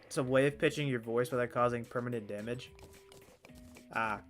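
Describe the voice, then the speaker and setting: A hoarse man in his twenties chatting casually while playing a game, rambling with stammered restarts and frequent swearing. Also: mid-range voice, moderate pace, fairly bright tone. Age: 20s. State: hoarse, strained voice. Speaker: gaming streamer.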